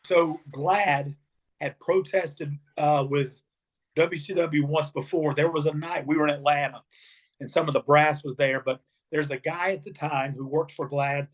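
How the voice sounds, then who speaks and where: Animated middle-aged man telling wrestling stories. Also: on the high side, measured pace. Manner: animated storyteller acting out quotes. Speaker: former wrestler, guest. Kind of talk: storytelling interview.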